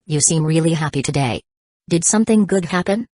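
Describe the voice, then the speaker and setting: Poised observant teen girl, read by a woman, low even voice, dry sound. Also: fairly quick, no echo. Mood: curious.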